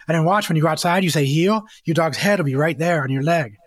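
A man talking as a guest in an interview, rambling and animated as he explains how he raises puppies. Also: a little high, fast talker, dry recording, studio quality. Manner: rambling, animated, acts out scenes. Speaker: guest, dog breeder. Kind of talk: casual interview chat.

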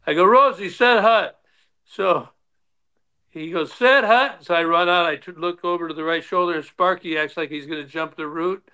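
A man's voice: on the high side, brisk, clear, resonant tone. A man in his sixties telling stories in a casual chat, acting out the voices of people he quotes. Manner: animated storyteller, acts out quoted voices. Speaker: guest, former player and manager.

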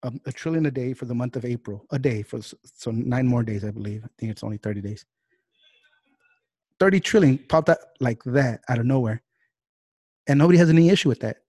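A male podcast host goes on a casual political rant, heated, profane, and fast-talking. His mid-range voice is a little mellow with a breathy edge, recorded in studio quality with no echo.

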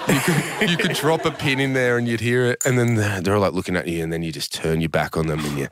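Low-voiced man, laughing storyteller. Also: fast talker. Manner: laughing, animated storyteller, swears freely. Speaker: guest. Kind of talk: casual podcast chat.

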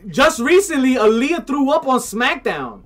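A man's voice: very high voice, sing-song, a little slow, fairly bright tone. A man in a casual group chat who laughs often and tends to repeat himself.

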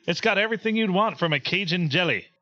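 A man's voice: sits high, quick pace, highs cut off. A man hosting a podcast, chatting and joking with his co-hosts. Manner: joking, animated banter. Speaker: podcast host. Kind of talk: casual chat.

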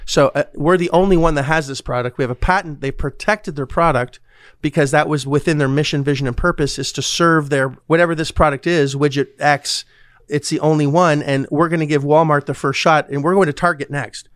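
A man's voice: a little high, fairly even intonation, a little fast, fairly bright tone, dry recording, clean studio sound. A man talking about real estate deals in a casual, blunt way, swearing freely and acting out what others said. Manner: blunt, swears freely, acts out quoted voices. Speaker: podcast host, real estate investor. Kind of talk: casual chat.

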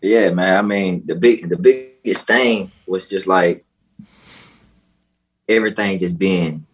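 A man's voice: sits low, takes it slowly, breathy edge. A man from Louisiana with a Southern accent, a guest talking easily in a casual chat.

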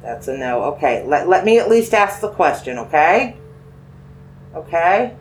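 A paranormal investigator with a mid-range voice and big pitch swings gently questions a spirit using dowsing rods. The speaker coaxes and reassures, repeating phrases and asking slow yes-or-no questions.

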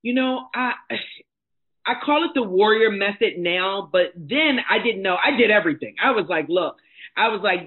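Middle-aged woman, husky voice, blunt candid storytelling, tinny phone-line sound. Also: medium pitch, moderate pace. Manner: emphatic, blunt and animated. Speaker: guest, life coach and motivational speaker. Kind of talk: candid personal storytelling in conversation.

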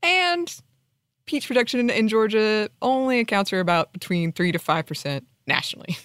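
A woman co-hosting a podcast in casual chat, playful and quick to mock outrage and laughter. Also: mid-range voice, animated, fairly bright tone, smooth, no room sound. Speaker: podcast co-host.

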